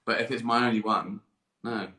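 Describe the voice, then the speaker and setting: A man's voice: on the low side, moderate pace. Giggly, tired man riffing in an echoey room. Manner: giggling, swearing, deadpan asides. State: hot and tired. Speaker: comedian hosting a live stream. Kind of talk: rambling comic monologue. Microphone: live-stream camera mic. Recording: roomy echo.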